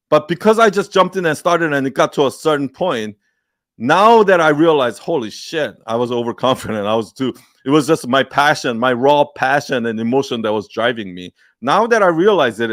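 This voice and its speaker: A man's voice: a little high, no room sound, clean studio sound. Heated, profane man on a livestream. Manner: blunt, profane, heated, mocks excuses in put-on whiny quotes. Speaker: host of a live Q&A. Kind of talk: unscripted livestream pep talk.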